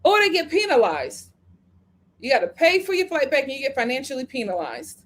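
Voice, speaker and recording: A woman with a high-sitting voice hosts a casual live-stream review, talking briskly as she chats, reads viewer comments, and retells things in a dramatic, animated way.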